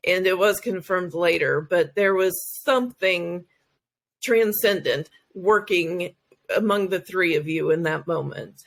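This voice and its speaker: Slow, measured woman podcast host. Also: on the low side. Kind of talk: interview questions.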